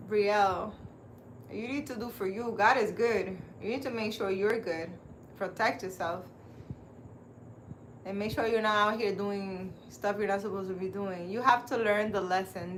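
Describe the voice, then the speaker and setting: A woman's voice: mid-range voice, a little hiss or hum. A woman who hosts her own channel as a spiritual healer, chatting casually and animatedly to her live viewers and laughing often. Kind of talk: casual live-stream chat.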